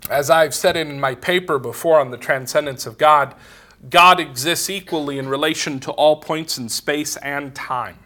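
A man's voice: on the high side, normal speed, pushed and bright. A man giving a casual theology lecture, wandering into asides and often saying "you know".

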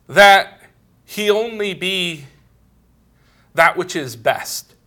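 A man's voice: fairly high pitch, sharp tone. A man giving a casual theology lecture, wandering into asides and often saying "you know".

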